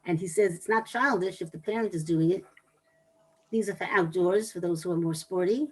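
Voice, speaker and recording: A woman giving a talk on anger management to an audience, explaining in a measured way with pauses and restarts. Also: fairly low pitch, breathy edge, poor audio.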